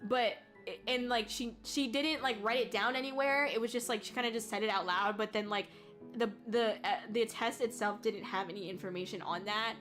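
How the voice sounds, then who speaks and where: Young woman, streamer, casual rambling chat, many fillers, frequent laughs, bright voice, faint music behind. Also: fairly high pitch, a little fast. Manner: rambling storytelling with frequent fillers and self-restarts; laughs often and gets loud when excited. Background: faint background music.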